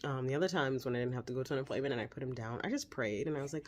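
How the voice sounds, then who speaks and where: A woman's voice: extremely low pitch, racing, few pauses, slight background noise. A woman in her forties talking candidly at home about life with her baby, in a chatty vlog manner with tender asides to the child. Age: 40s. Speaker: mom vlogger. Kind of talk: casual vlog chat.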